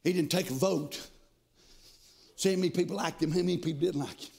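A man preaching a fiery sermon in a church, shouting in a sing-song cadence with frequent amens. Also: fairly high pitch, fast, vocal fry. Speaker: pastor. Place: church sanctuary.

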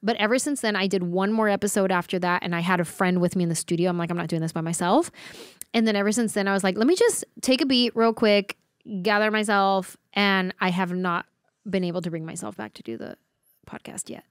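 A woman in her thirties, a comedian guest, telling a story with lively acted-out quotes. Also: on the low side, quick pace, smooth, dry recording, clean studio sound. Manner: acts out quotes with big voice swings. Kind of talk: animated storytelling.

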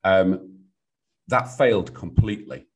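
A middle-aged British man, a guest on a business podcast, telling stories in a lively way and acting out what clients say. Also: sits low, a little slow. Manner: animated storyteller, acts out clients' voices. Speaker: business sounding board.

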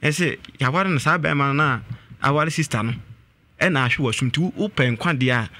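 A man's voice: mid-range voice, fairly quick, sharp tone, no echo. A man calling in to tell a family story, hesitant and full of fillers. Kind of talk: telling a family story on a call-in.

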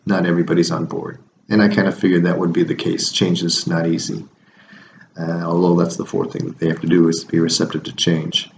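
Guy with a lowish voice rambling about his week, echoey room with faint hum behind. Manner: chatty, rambling with restarts. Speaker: fencing coach. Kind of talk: casual video diary.

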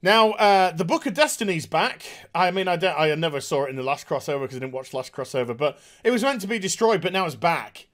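Male review host, high-pitched, scornful, rambling recap. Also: expressive, fast talker, hardly any pauses, a bit bright. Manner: mocking, exasperated, with hesitant fillers. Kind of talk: sarcastic episode recap.

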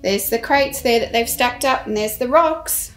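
A woman presenting a children's show, reading a story aloud in an animated, expressive way. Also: fairly high pitch, normal speed, faint music behind.

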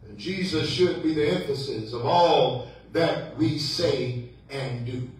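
A man preaching a revival sermon in a church, in a call-and-response style that climbs into shouts. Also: medium pitch, slow. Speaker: guest preacher. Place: church sanctuary. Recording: echoey church, mic from far off.

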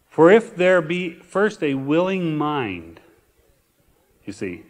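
A male pastor preaching a sermon, reading scripture slowly and building to emphatic repeated phrases. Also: mid-range voice. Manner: preaching with rising emphatic repetition; reads scripture slowly and deliberately.

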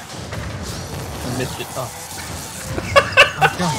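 A man's voice: mid-range voice, a little fast. A man playing a game with friends, teasing and sarcastic in casual chat. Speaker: friend on stream. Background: loud game music.

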